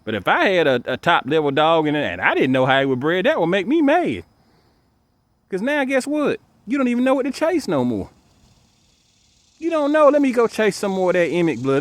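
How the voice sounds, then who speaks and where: Emphatic ranting man, higher voice. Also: dry recording. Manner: repetitive, emphatic, stumbles over repeated words. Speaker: dog breeder vlogger. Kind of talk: casual ranting monologue.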